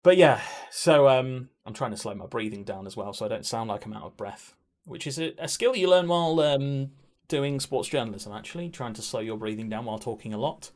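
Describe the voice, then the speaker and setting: A man talking candidly on a livestream, nervous and a little breathless, halting with restarts and frequent ums. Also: medium pitch, expressive, a little mellow. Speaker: streamer.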